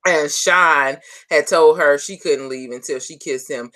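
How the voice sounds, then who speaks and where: A woman co-hosting a casual podcast, making a slow, emphatic point about the show. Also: deep voice, a bit bright. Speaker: podcast co-host. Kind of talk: casual chat.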